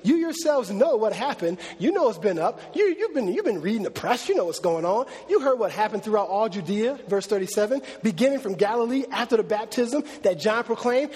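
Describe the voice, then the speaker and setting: A man preaching a sermon to a congregation, casual and animated, mixing slang with scripture reading. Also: very high voice, breathy edge. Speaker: pastor. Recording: long echo of a large hall.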